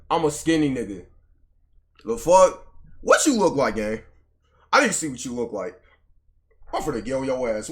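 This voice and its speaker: Slangy young male streamer, lively pitch. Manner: slangy, profane banter with chat. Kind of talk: live stream reaction chat.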